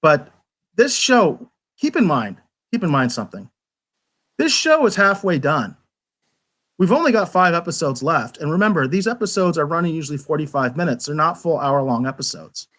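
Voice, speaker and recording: Animated man reviewing with exasperation. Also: fairly high pitch, moderate pace. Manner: rambling, repeats words when restarting. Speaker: podcast reviewer. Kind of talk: casual review chat.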